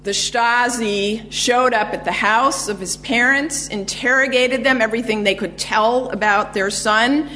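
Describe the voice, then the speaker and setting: A woman giving a public history lecture, telling a story in a measured way with frequent ums and uhs. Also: a little high, bright, forceful tone, slight background noise.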